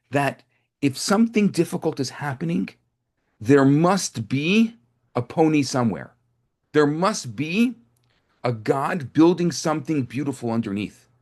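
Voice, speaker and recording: With a fairly high, darkish voice, a rabbi preaches to a gathered group through conversational stories. He frequently backs up to restart a thought or says things twice.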